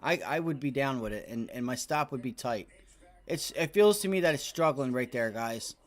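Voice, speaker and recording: This day trading livestream host, speaking from a home trading office, has a mid-range voice and an animated, moderately paced delivery. He offers laid-back, coaching commentary on the market, swearing freely.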